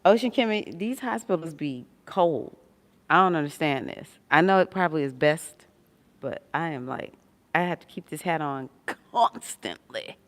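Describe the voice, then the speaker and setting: Deep-voiced and expressive, this woman talks at a moderate pace with a fairly bright tone. She is an astrology livestream host and mother of a son, chatting from a hospital room, reading viewer comments, and laughing a lot.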